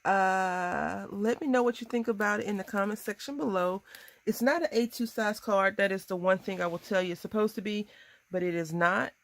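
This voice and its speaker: A woman in her thirties chatting casually through a crafting tutorial, bubbly and quick to laugh at herself. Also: mid-range voice, a little hiss or hum. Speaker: crafting vlogger.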